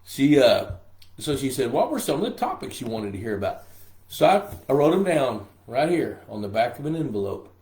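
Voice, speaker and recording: A man's voice: medium pitch, very animated, moderate pace, darkish tone. An older man with a scratchy voice, hosting a casual live-stream Q&A. He talks in a folksy, joking way and greets viewers by name. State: scratchy voice from a throat infection. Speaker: pond management show host. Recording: roomy echo.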